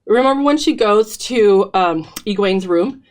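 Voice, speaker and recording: A woman's voice: medium pitch, measured pace. A woman co-hosting a casual fan podcast, eagerly laying out theories with lots of fillers and a bit out of breath. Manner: excited, theorizing, many fillers. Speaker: podcast co-host.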